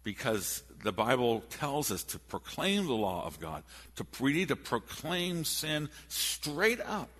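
A man preaching a sermon in a church, animated and storytelling, with frequent restarts. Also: medium pitch, measured pace, husky. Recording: echoey hall.

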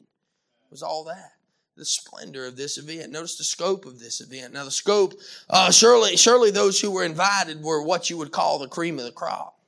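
A man preaching a sermon, animated and emphatic, with frequent restarts and calls of amen. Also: extremely high pitch, creaky. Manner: animated, with many restarts and Southern-style "y'all".

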